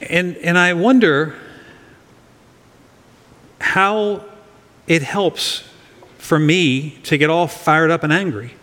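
A man's voice: fairly high pitch, slow, pauses often, fairly bright tone, long reverb tail. A middle-aged male pastor giving an earnest sermon to his congregation, leading them in reading a verse aloud. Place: church sanctuary.

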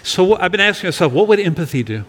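A man's voice: sits high, sing-song, very fast, a bit bright, husky, big-room sound. A middle-aged male pastor giving an earnest sermon to his congregation, leading them in reading a verse aloud. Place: church sanctuary.

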